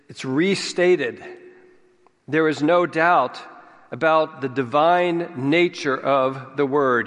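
A man preaching a sermon, slow and deliberate, stressing key words. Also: a little high, fairly bright tone. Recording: long hall reverb.

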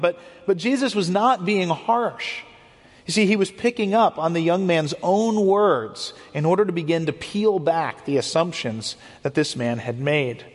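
A man's voice: high-pitched, unhurried. A man preaching a sermon as a pastor, explaining earnestly and often repeating words as he goes. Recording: long hall reverb.

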